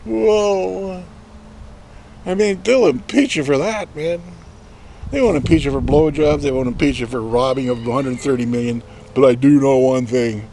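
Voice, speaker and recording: A man's voice: medium pitch, moderate pace, mellow, a little hiss or hum. A man, ranting sarcastically in rambling political commentary with lots of swearing. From Canada. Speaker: vlogger.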